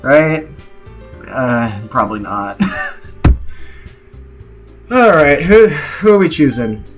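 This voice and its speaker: A high-voiced young man commentates a scary game live, jumpy and quick to laugh in mock panic. Faint game music runs behind him. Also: big pitch swings. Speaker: gaming streamer. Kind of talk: live let's-play commentary.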